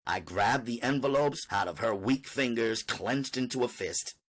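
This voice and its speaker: A man's voice: medium pitch, moderate pace. A man reading an audiobook aloud in first-person narration.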